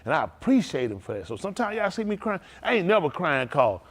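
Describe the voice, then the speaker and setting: A male pastor giving an informal, animated testimony sermon at a service, talking straight to the congregation and laughing often. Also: fairly high pitch, fast talker. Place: synagogue service.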